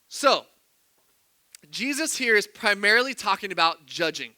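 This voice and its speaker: A man's voice: sits high, lively intonation, moderate pace, long pauses, bright, forceful tone, dry recording. A young man preaching a sermon, chatty and quizzing his congregation with questions. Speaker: pastor.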